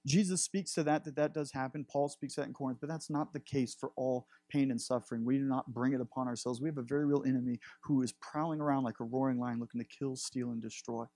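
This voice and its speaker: A man's voice: mid-range voice, fairly even intonation, fast talker, few pauses, mellow, no echo. A man preaching a sermon as pastor, earnest and building his emphasis.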